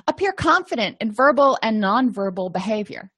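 A woman's voice: on the high side, sing-song, moderate pace, fairly bright tone, breathy edge. A woman teaching therapy skills to clinicians in a conversational way, often acting out short sample dialogues. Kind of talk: lecture to clinicians.

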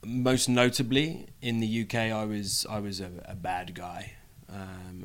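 A young British man talking casually as an interview guest, joking and pausing often with "um". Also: fairly low pitch, a bit bright. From United Kingdom. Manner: chatty, jokey, many "um" pauses.

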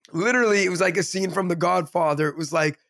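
A man with a high voice and a gravelly edge tells a story in casual podcast chat. He rambles excitedly and keeps restarting his sentences, with plenty of fry on his words. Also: a little fast. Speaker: podcast co-host, teacher.

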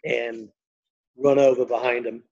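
A man's voice: mid-range voice, level tone, unhurried, vocal fry, a little mellow, highs cut off, a little hiss or hum. An older man from England with a Liverpool accent, telling long, rambling anecdotes with many fillers as an interview guest. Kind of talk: storytelling interview.

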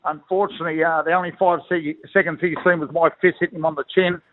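Over a tinny phone line, a retired rugby league player, a middle-aged Australian, rambles through blokey stories as an interview guest. He talks fast in a slightly high voice with little pitch movement, and there's a bit of hiss or hum.

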